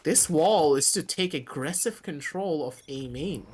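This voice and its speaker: A male esports caster calls a live match over a voice call. He is excitable and bursts into shouts at big plays. A faint noise sits under his voice. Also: on the high side, unhurried. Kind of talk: live game commentary. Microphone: headset over voice call.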